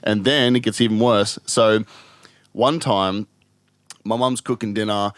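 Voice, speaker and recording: Low-voiced young man telling a story. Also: a little slow, clean tone, no room sound. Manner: animated, swears a lot, acts out quotes in a higher voice. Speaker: podcast co-host. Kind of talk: casual storytelling.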